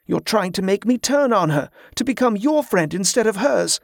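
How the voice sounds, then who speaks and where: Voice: mid-range voice, expressive, moderate pace, dry recording, studio quality, voice pushed up, lightly acted. A reader voicing Jordan, a sullen, defensive teenage boy who answers curtly and grumbles. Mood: angry. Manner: grumbling, curt. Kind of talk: audiobook character voice.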